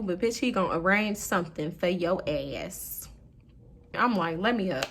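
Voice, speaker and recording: A young woman tells a casual storytime, her voice sitting in an ordinary middle pitch. She is blunt and swears freely. She acts out both sides of the argument as she goes. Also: big pitch swings, measured pace, husky.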